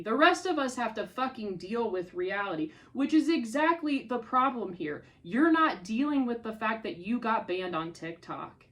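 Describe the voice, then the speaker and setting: A woman's voice: a little high, animated, normal speed, few pauses, a bit bright. A woman in an angry vlog rant, swearing and speaking straight at someone she is upset with, her voice strained with anger. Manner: furious, swearing, addressing someone directly. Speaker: content creator.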